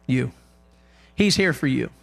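A man preaching a sermon in a church, impassioned, loudly crying out the lines he quotes. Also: mid-range voice, expressive, measured pace, gravelly, faint music behind.

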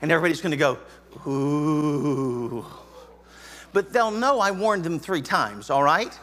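Man preaching, high bright voice, folksy, joking asides to the congregation. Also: expressive, fast talker. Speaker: pastor. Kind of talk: sermon. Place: church auditorium.

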